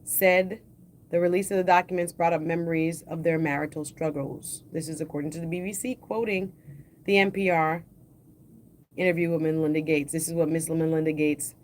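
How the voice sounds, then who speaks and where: A woman hosting a livestream, reading news articles aloud in a slow, deliberate way and adding casual asides of her own. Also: low voice, steady tone. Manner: reads quotes slowly and deliberately, adds casual asides. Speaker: livestream host.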